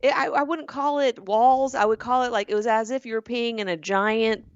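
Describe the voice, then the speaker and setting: A woman with a Southern US accent, co-hosting a podcast and telling a story in an animated way, acting out the voices. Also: fairly high pitch, moderate pace, dry recording, highs cut off. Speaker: podcast co-host. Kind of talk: casual chat.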